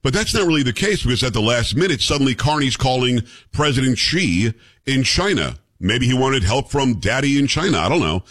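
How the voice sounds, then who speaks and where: A man hosting a talk show, animated and opinionated, often repeating words as he starts a sentence, in a general American accent. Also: medium pitch, brisk. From New York. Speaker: radio and podcast host. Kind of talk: casual talk show banter and commentary.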